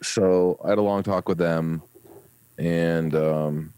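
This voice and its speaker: A man's voice: sits low, steady tone, slow, warm tone, clean tone. A man chatting casually as a podcast guest, enthusiastic and rambling with plenty of fillers. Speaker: guest reporting from a trade show.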